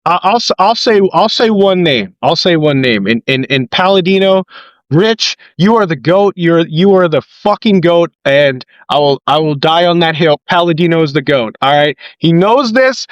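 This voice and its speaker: A man hosting a casual podcast, telling stories with animated, excitable energy. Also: normal speed, no room sound. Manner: excitable storyteller, quoting people with big jumps in pitch. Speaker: podcast host and ring announcer. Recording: dull lo-fi dry mic.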